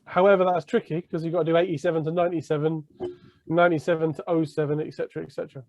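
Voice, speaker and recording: Brief: high-pitched podcast host, rambly, muffled lo-fi recording. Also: male voice, little pitch movement, very fast, dry recording. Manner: laughs mid-sentence, rambly. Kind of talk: casual chat. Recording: dull lo-fi audio.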